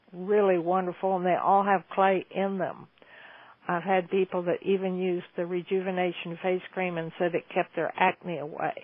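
A woman in her seventies hosts a call-in Q&A, talking in a chatty, folksy, enthusiastic way. Her voice comes through a tinny, phone-like line. The sound is dry, with no room echo. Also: lowish voice. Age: 70s. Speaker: host answering listener questions. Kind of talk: call-in Q&A chat.

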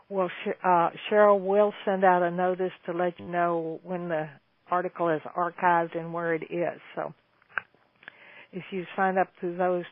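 A woman's voice: lowish voice, no echo. A woman in her seventies hosting a call-in question and answer show, chatting in a folksy, enthusiastic way. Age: 70s. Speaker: host answering listener questions. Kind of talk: call-in Q&A chat. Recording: dry, tinny phone-line sound.

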